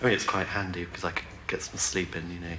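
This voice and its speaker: Deep posh Englishman, dry and chuckling. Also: level tone, fast talker. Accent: upper-class English. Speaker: game show contestant. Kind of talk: casual interview anecdotes. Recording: very hissy old tape.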